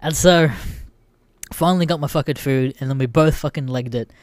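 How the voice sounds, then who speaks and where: A man's voice: a little high, moderate pace, no room sound. Swearing young Australian guy telling a story. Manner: heavy swearing, laughs through the story. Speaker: podcast host. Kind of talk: casual storytelling.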